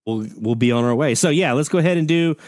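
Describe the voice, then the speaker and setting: A man's voice: on the high side, quick pace, a little mellow, dry recording, clean studio sound. Upbeat man hosting a radio hobby stream. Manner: enthusiastic, folksy, reads listener messages aloud. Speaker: radio hobby show host. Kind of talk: live-stream casual chat.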